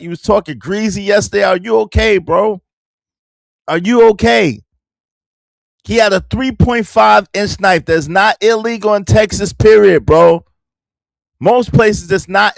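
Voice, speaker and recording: Male stream host, gravelly, dry close mic, teasing chat banter. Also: high voice, dry recording. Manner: teasing, repeats phrases, talks back to chat. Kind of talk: casual live-stream commentary.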